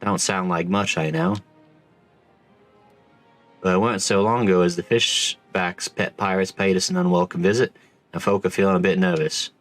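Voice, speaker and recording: A man voicing a rough, slangy tavern keeper in a game, with a put-on accent. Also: deep voice, fairly even intonation, normal speed, pauses often, a bit bright, soft background music. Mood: confiding. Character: rough salty male tavern keeper, middle-aged. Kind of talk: reading game dialogue aloud in voices.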